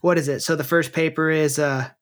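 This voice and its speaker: A man co-hosting a podcast, talking in an animated, rambling way full of "like" and "you know". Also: a little high, a little fast. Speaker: podcast co-host. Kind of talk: casual podcast discussion.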